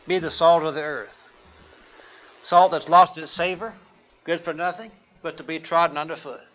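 A man's voice: fairly high pitch, steady tone, normal speed, a bit bright, muffled recording. A man preaching a sermon, quoting scripture and putting questions to the congregation.

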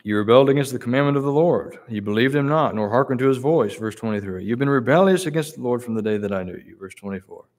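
A man delivers a sermon in an ordinary, mid-range voice. He reads scripture aloud, pauses on verse numbers and repeats key words to drive them home. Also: mid-range voice, expressive, darkish tone. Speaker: preacher.

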